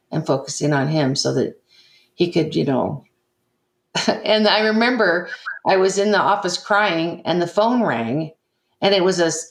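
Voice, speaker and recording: Older woman telling a story, echoey room. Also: on the low side. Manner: earnest, emotional retelling with quoted dialogue. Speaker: interview guest. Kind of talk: personal storytelling.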